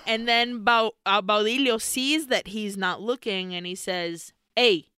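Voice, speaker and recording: Bright, crisp-voiced woman recapping a film. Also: mid-range voice, measured pace, dry recording, clean studio sound. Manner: animated, profane storytelling with Spanish slipped in. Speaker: podcast co-host.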